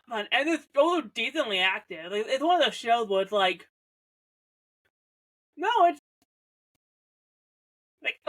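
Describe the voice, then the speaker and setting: A woman's voice: on the high side, fairly bright tone. A young woman reviewing an old teen show, chatty and rambling, restarting sentences and cracking jokes. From Canada. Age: young adult. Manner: chatty, self-interrupting, heavy on "like", jokey asides.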